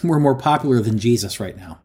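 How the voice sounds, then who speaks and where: A man preaching a sermon, calling his listeners friends and repeating each quoted line slowly for emphasis. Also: mid-range voice, animated, darkish tone.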